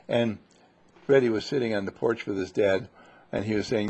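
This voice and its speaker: A man telling a bedtime story to children, gentle and animated, with restarts. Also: lowish voice, moderate pace, pauses often.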